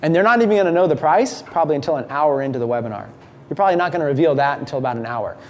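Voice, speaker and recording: A man giving a live seminar talk, energetic and conversational, acting out what his listeners might think. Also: a little high, racing. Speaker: business speaker teaching a mastermind.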